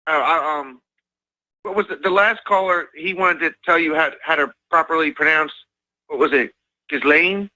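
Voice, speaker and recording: A man's voice: on the high side, sharp tone, no echo. Male caller on a dull phone line. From Delaware. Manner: rambling, halting, laughs between points. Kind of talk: call-in phone conversation. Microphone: telephone.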